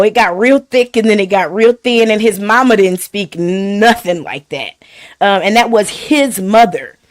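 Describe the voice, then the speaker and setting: A woman from Arizona giving casual reaction commentary from her apartment, chatty, laughing often and answering her chat. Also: medium pitch. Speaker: streamer reacting to a video. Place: apartment in Korea.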